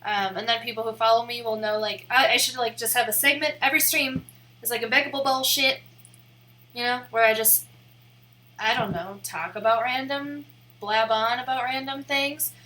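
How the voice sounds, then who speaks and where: A woman's voice: a little high, fairly even intonation, moderate pace, pushed and bright. A young woman streaming live, rambling in a casual, giggly way with lots of "like" fillers. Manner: rambling and giggly, heavy use of "like".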